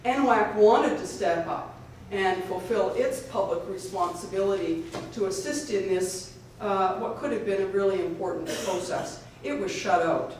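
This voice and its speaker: A woman, a lawyer and advocate, gives an earnest, hurried public speech at an event, often restarting her sentences. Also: mid-range voice, a little mellow. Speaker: lawyer and advocate speaking at a rally. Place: lecture hall at a public event. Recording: echoey hall, far from the mic, faint noise.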